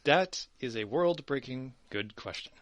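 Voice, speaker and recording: A man narrating as game master of a tabletop game, relaxed and rambling with many fillers. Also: medium pitch, measured pace.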